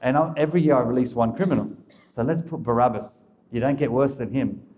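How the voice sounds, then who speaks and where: A man's voice: mid-range voice, fast talker, a little mellow, close to an everyday voice. A man voicing an exasperated male Roman governor in a casual, bewildered retelling. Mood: scheming.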